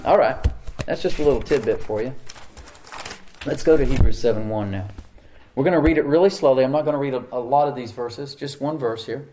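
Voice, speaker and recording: A man's voice: medium pitch, fast, warm tone. A middle-aged man preaching a sermon as pastor, talking conversationally and often asking the congregation questions.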